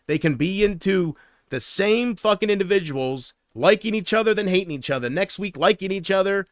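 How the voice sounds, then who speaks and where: A man's voice: high voice, very animated, normal speed, dry recording, studio quality. A man on a livestream, ranting in an agitated, profane way and talking back to comments from his chat. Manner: reads viewer comments aloud. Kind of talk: live-stream rant to chat.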